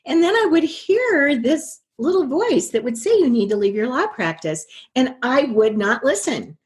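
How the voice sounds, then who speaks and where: Older woman, interview guest, earnest storytelling, quotes herself, laughs at herself. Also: mid-range voice. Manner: earnest, quotes her own past thoughts, laughs at herself.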